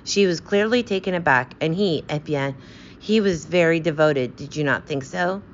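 A woman voicing a precise, polite foreign male detective who questions in a measured, courteous way. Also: low-pitched, dull audio, a little hiss or hum, lightly acted. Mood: explaining.

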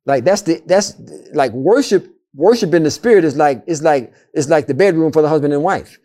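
A man co-hosting a faith talk, retelling Bible stories in a lively, colloquial, preacher-like way and repeating his points. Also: a little high, fairly quick. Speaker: co-host and Bible teacher. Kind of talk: animated faith discussion with storytelling.

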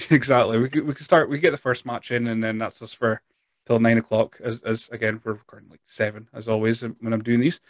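A man's voice: mid-range voice, flat delivery, a little fast, dry recording. Rambling male podcast host, dry mic. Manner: rambling, self-deprecating, frequent restarts. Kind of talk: casual chat.

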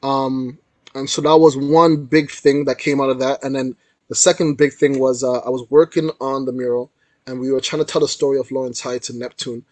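A young man, a guest artist, tells a story in a casual, slangy interview. His medium-pitched voice has no echo, and he's an animated storyteller who says "yo" and "like" a lot.

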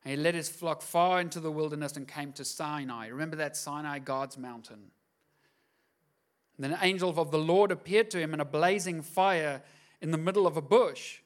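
A man with a fairly high voice preaching a sermon. He retells scripture in a casual, slangy way. He slips in playful impressions and rhetorical questions to the congregation. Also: moderate pace. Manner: casual slangy storytelling with acted-out asides. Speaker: pastor.

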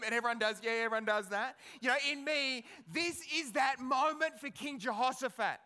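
A male pastor preaching a sermon in an animated, conversational way, asking his congregation rhetorical questions. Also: very high voice, brisk, hardly any pauses, clear, resonant tone.

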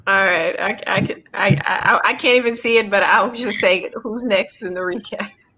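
A woman's voice: medium pitch, normal speed, bright, forceful tone, husky. A woman co-hosting a podcast in casual chat, laughing often and giving short replies. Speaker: podcast co-host.

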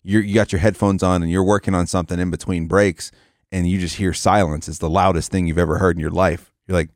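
A man's voice: sits low, flat delivery, fast talker, no room sound, studio quality. A man co-hosting a casual, profane chat, a former radio host telling stories with quoted asides.

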